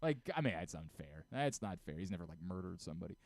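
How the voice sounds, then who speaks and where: A middle-aged man hosting a sports radio show, ranting about football with rapid swings between low muttering and shouted outbursts. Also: very animated, creaky, no echo. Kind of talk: opinionated sports talk. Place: radio studio.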